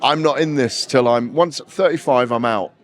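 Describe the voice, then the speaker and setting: A man's voice: medium pitch, normal speed. Joking man in a playful interview. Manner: playful, joking, stumbles and restarts. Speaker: boxing journalist. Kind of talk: casual bantering interview.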